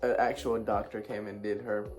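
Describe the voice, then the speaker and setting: A man's voice: on the low side, little pitch movement, moderate pace, darkish tone. A young man and new father joking in slangy tough-guy banter while chatting with his partner. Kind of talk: casual chat. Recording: background music under voice. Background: music.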